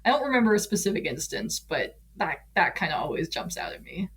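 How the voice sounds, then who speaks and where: A woman's voice: lowish voice, brisk, breathy edge. Laughing woman podcast guest. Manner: relaxed, laughs often, many fillers. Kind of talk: casual chat.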